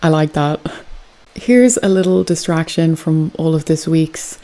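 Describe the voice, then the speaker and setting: A woman's voice: low voice, unhurried, warm tone. Wry woman hosting a meme show. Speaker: meme compilation host. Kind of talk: casual commentary between clips.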